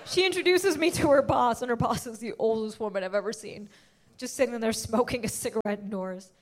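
A woman doing a stand-up comedy set, loud and punchy, often laughing at her own jokes. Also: fairly high pitch, brisk, a little hiss or hum. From United States.

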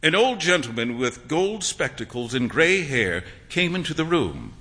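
A man narrates a storybook with an expressive, animated delivery. His voice sits high and moves around a lot. The tone is very bright. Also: unhurried, big-room sound. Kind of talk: storybook reading.

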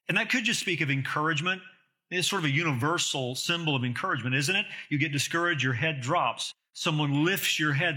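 Pastor guy preaching, real bright cutting tone, bit high, keeps asking the crowd questions. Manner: emphatic preaching with rhetorical questions. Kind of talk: sermon.

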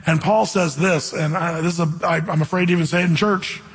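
A man's voice: on the high side, steady tone, a little fast, husky, in a large hall, rough recording. A man preaching a sermon as pastor, speaking emphatically and conversationally and acting out quotes.

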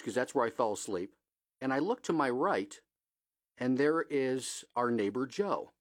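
A middle-aged man hosts a radio show in a dry studio, his voice close and unreverberant. He tells stories with energy, pitching up sharply for quoted lines and sprinkling in plenty of "uh" fillers. His voice sits at a medium pitch. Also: no room sound. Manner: animated storyteller, voice jumping high for quoted lines, many "uh" fillers. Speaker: radio host. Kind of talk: casual storytelling and local news.

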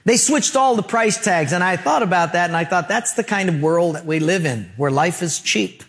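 A male pastor preaching a sermon with humorous stories, emphatic pauses and rhetorical questions. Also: a little high.

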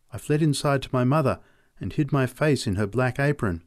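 A man reading short stories aloud in a measured storytelling manner. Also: no echo, studio quality. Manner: measured storytelling, lively pitch. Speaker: reader. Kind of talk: audiobook narration.

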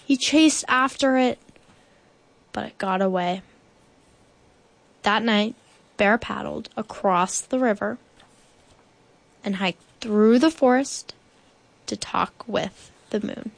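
A woman reading a children's picture book aloud in slow, deliberate storytelling. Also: mid-range voice, gravelly, no echo. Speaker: guest reader.

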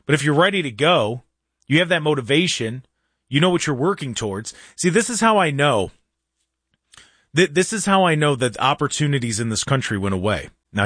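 A man hosting a casual talk show, ranting in an animated way and often restarting or repeating words. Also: mid-range voice, dry recording, clean studio sound. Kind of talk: casual opinionated chat.

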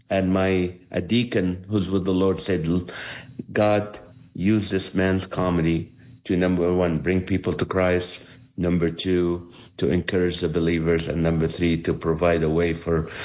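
A middle-aged man, a comedian, telling stories in an interview and acting out the voices of the people in them. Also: deep voice. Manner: animated storyteller acting out voices. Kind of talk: storytelling in an interview.

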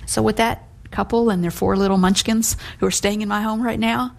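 A woman's voice: medium pitch, fairly even intonation, fairly quick, vocal fry. A middle-aged woman giving devotional Bible teaching in an earnest, conversational way, quoting scripture as she goes.

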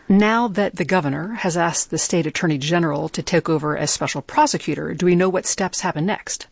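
A radio news host introducing a reporter and asking calm interview questions. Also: mid-range voice, a little fast, vocal fry, breathy edge, no room sound.

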